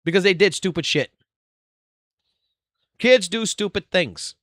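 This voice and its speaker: A man's voice: high-pitched, lively intonation, a little slow, fairly bright tone, dry recording, clean studio sound. A man streaming live, ranting with constant swearing in a heated, blunt way. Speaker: livestreamer.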